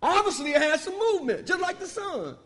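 A high-voiced man delivers a sermon with emphatic call-and-response, swinging from loud declarations to quiet, confiding asides. He's very animated and speaks fairly quickly, and his voice rings through a church sanctuary with a long, trailing reverb.

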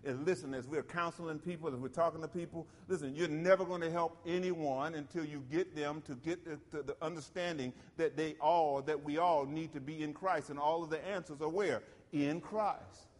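A man's voice: fairly high pitch, steady tone, normal speed, hardly any pauses, long reverb tail. A middle-aged man from South Carolina, preaching a sermon in a church with emphatic call-and-response.

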